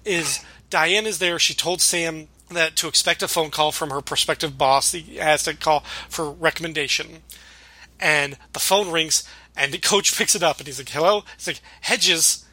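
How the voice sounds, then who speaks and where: A man hosting a podcast, chatting casually and retelling scenes in an animated way. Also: on the high side, normal speed, no echo. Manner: animated retelling, mimics lines. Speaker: podcast host. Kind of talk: casual chat.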